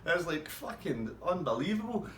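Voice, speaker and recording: A man telling a rambling, swearing pub anecdote in a casual, animated way. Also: on the high side, moderate pace, a little hiss or hum. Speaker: storyteller. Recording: roomy with faint ambience.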